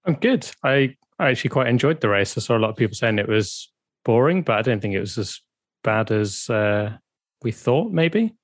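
A man co-hosting a casual podcast, relaxed and thoughtful in his opinions. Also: medium pitch, normal speed, no echo. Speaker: podcast co-host.

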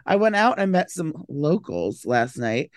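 A man's voice: on the high side, very animated, unhurried, dry recording. Groggy rambling man, dry close mic. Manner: rambling, filler-heavy, with mock-tough bursts. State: groggy and slow-talking after a late night of drinking. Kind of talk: casual chat.

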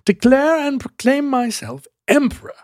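A man's voice: high voice, lively intonation, quick pace, a little mellow, no room sound, clean studio sound. A man voicing a grandiose self-declared emperor who reads out a formal proclamation in a vague, made-up accent. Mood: pompous, proclaiming. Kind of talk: comic reading in a put-on voice.

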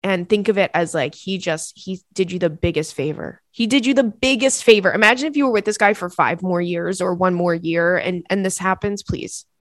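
A woman's voice: on the low side, moderate pace, few pauses, no echo, clean studio sound. A young woman hosting a podcast, giving candid advice in a chatty, casual way with frequent swearing and asides. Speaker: podcast host.

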